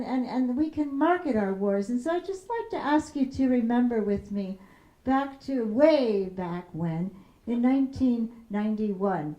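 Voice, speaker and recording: A middle-aged woman from Chicago giving a public talk as a peace activist. She tells stories in a measured way and slows down to stress key phrases. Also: on the high side, mellow. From Chicago, USA. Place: lecture room. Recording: roomy hall echo.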